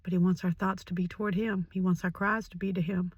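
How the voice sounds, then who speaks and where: Emotional older woman, halting and hushed. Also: fairly low pitch, little pitch movement, slightly rough, dry recording. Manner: emotional, halting, often dropping to a whisper. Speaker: vlogger sharing a personal story. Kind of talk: personal spoken reflection.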